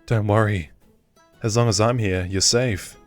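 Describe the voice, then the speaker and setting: Male reader as a tough game bodyguard, brash and confident, deep voice. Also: steady tone, measured pace, faint music behind, natural voice. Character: tough female bodyguard, boastful about lifting.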